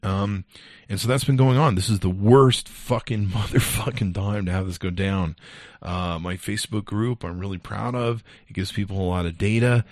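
A man's voice: fairly low pitch, normal speed, no room sound, clean studio sound. A male podcast host ranting angrily and profanely in a casual monologue. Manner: angry, profane, animated storytelling.

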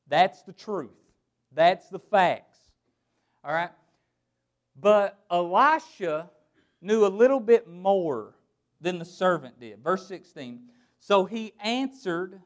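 Male pastor, high voice, animated sermon with scripture readings and joking asides. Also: takes it slowly, pauses often. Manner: animated preaching, reads scripture aloud and laughs at his own asides. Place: church with a small congregation.

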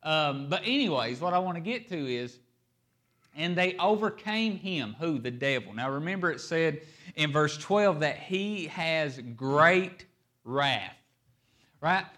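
A man preaching a sermon, stressing key words and shifting his pace and loudness for emphasis. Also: on the high side, expressive, slow. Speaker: pastor.

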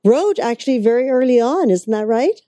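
A woman hosts an interview and listens closely, dropping in soft affirmations. Her voice is warm and mellow, recorded dry and close. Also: a little high, expressive, fairly quick, no room sound. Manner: attentive, frequent soft backchannels. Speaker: host. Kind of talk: interview hosting.

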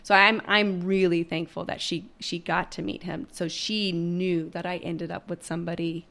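A woman's voice: lowish voice, flat delivery, moderate pace, gravelly, a bit bright. A woman in her thirties talking openly and earnestly about her family in a candid conversation. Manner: earnest, open, emotional, many ums.

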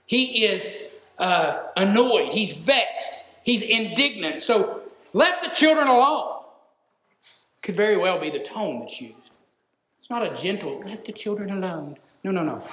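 Emphatic high-voiced male pastor. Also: fairly bright tone. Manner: emphatic, repeats words for stress. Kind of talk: sermon. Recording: roomy echo, dull lo-fi sound.

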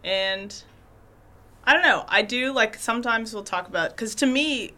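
A young woman co-hosting a student podcast, chatting casually in a slightly raspy voice. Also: fairly high pitch, expressive, a little slow, sharp tone. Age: young adult. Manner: chatty, frequent "mm-hmm" backchannels. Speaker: co-host.

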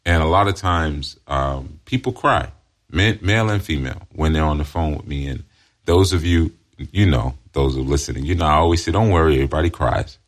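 A man's voice: rumbling low, normal speed. A man teaching as a spiritual counselor in an emphatic monologue, often repeating himself and adding "you see".

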